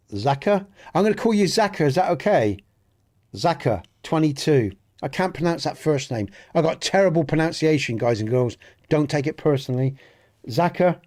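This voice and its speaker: A slightly mellow, mid-range voice belongs to this man with a Dorset accent, who chats with live viewers as he streams a game. His earnest, meandering speech often repeats and restarts words.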